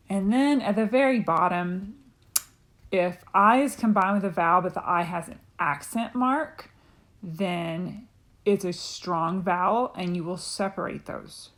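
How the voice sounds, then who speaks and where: A woman, a Spanish teacher, patiently explaining a lesson with frequent ums. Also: on the low side. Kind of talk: recorded classroom lesson.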